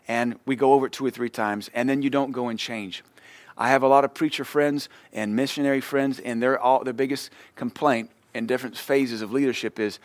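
A man's voice: mid-range voice, fairly quick, dry recording. A man pastor giving a sermon in a conversational way, acting out short everyday exchanges. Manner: conversational preaching, acts out short dialogues.

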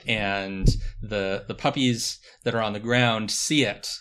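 A man talking as a player in a tabletop game, relaxed and explaining at length. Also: lowish voice, slow pace.

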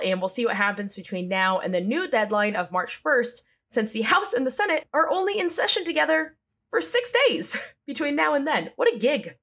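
A woman with a high, slightly bright voice hosts a solo news podcast of comedic commentary. Sarcastic and exasperated, she rants about politics and breaks into jokey asides.

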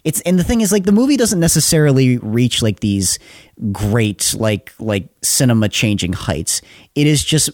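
A man's voice: medium pitch, big pitch swings, moderate pace, dry recording, studio quality. A man co-hosting a casual film podcast, blunt, laughing often and swearing. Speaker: podcast co-host.

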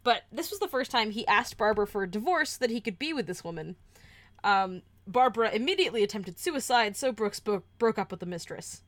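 A woman's voice: mid-range voice, lively intonation, a little fast, no room sound. A woman podcast host telling a true-crime story in casual chat, wry with offhand asides.

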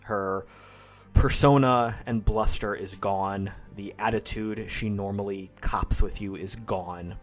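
A man runs a tabletop game with a low, unhurried voice. He sets each scene in measured, deliberate narration, with faint music behind. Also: fairly even intonation. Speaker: game master.

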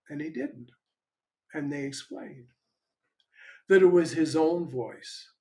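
A man's voice: on the high side, lively intonation, slow pace, long pauses, dark tone. An older man, a spiritual teacher, giving a frank, conversational talk that mixes plain teaching with storytelling.

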